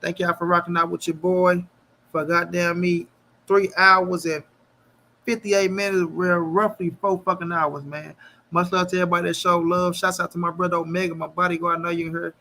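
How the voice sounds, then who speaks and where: High-voiced laid-back stream host. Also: male voice, flat delivery, normal speed, pushed and bright, slight background noise. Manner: laid-back, profane, agreeable. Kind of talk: casual chat.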